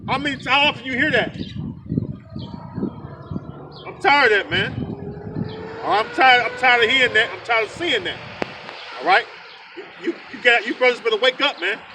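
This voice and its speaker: Out in the rain, a street preacher rants heatedly in a very high-pitched, animated voice, talking a little fast. He is fiery and profane, tacking "man" onto his sentences, and the distant mic picks up outdoor noise.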